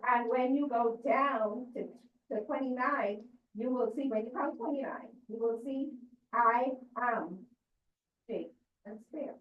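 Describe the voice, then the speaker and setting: Woman church lecturer, higher voice, teaching style that keeps asking the room questions; dull, far-off echoey recording. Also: unhurried. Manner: questioning, checks in with listeners.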